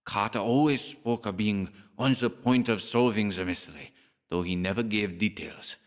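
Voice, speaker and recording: Horror narrator, male, low register, dramatic, long reverb tail. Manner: measured, dramatic reading. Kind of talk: scripted horror audiobook narration.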